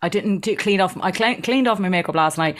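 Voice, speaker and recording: A young Irish woman co-hosting a dating podcast, joking and teasing her friend in quick casual banter. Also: medium pitch. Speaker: podcast co-host. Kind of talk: casual chat.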